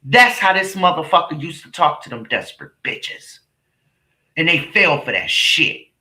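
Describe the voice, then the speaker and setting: A woman's voice: low-pitched, expressive, normal speed, pushed and bright, reverberant. A woman hosting a livestream, delivering heated, profane and scornful commentary. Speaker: channel host, commentator.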